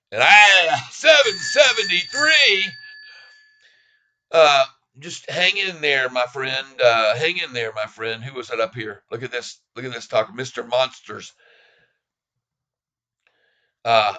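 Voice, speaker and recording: Middle-aged male stream host, bright tense voice, excitable, quick to laugh. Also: medium pitch. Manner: excitable, laughs often, improvises sung jingles. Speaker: stock livestream host. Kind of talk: live stock-trading stream chat.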